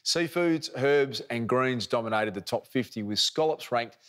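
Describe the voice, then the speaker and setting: Male host, jovial, teasing banter, mid-pitched voice. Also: moderate pace. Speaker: show host. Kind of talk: TV magazine presenting and banter.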